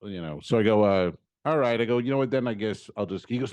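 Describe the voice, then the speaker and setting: A man co-hosting a comedy podcast, retelling a frustrating errand in an animated, swearing, storytelling way and acting out both sides of the exchange. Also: fairly low pitch, fast, no room sound, lo-fi sound. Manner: swears casually, laughs often. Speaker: podcast co-host.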